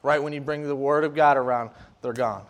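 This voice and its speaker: A man's voice: medium pitch, a little fast. A man giving a loose, conversational sermon as a youth leader, acting out the voices of scoffers. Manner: animated, acts out voices of scoffers; loose, conversational preaching with fillers and restarts.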